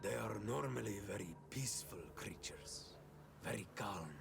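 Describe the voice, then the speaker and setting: A gravelly native master hunter. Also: male voice, fairly low pitch, lively intonation, moderate pace, music in the background.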